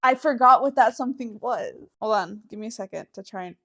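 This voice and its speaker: A young woman co-hosting a podcast in casual chat. Her voice sits a little high. She is chatty and quick to laugh. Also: a bit bright, breathy edge. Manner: chatty, laughs along, reacts with short interjections. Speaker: podcast co-host.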